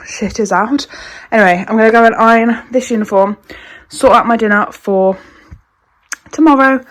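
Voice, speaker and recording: A young woman, chatting casually and gushing at home as a lifestyle vlogger, rambling through asides. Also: on the high side. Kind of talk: casual chatty vlog narration. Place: at home indoors.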